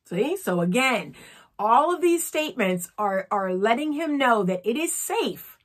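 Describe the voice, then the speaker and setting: A woman's voice: a little high, big pitch swings, unhurried. Woman, relationship coach, earnest, instructional, "okay?" check-ins. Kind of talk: instructional talk to camera.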